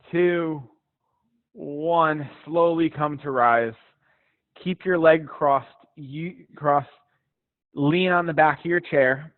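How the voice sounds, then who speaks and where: A man's voice: on the high side, dry recording. Encouraging male stretching instructor on a call. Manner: relaxed, encouraging, chatty with small laughs. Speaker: fitness instructor. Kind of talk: live guided stretching class. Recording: dry tinny phone-like sound.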